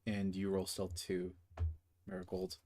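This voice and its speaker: A man's voice: deep voice, very animated, a little slow, warm tone. A man running a tabletop game as game master, narrating casually with swearing and lots of fillers. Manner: casual and profane, with many fillers.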